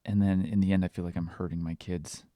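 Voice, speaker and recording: Candid, halting man with a low voice. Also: level tone, no echo, studio quality. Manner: candid, halting, with many fillers and restarts; quietly emotional, reflective. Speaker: parenting podcast host. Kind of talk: confessional solo podcast monologue.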